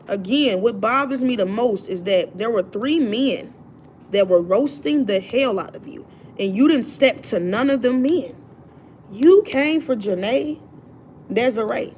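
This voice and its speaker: A woman hosting her own livestream, telling a story in an indignant, animated way. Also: fairly high pitch, a little hiss or hum. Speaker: livestream host. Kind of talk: casual livestream rant.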